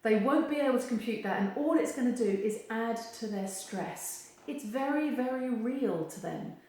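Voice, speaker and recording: A woman gives advice straight to camera, animated and acting out the voices she quotes. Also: a little high, normal speed. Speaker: therapist giving advice. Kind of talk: direct-to-camera advice video. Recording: very echoey room.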